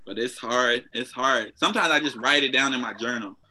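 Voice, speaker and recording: A young man co-hosting a podcast, talking in a blunt, animated way and swearing freely. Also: medium pitch, a little fast. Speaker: podcast co-host. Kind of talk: casual chat.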